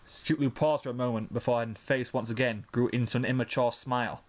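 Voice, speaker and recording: Male fanfic reader, mid-pitched, steady storytelling delivery. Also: fast talker, hardly any pauses. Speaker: narrator. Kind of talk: fanfiction reading.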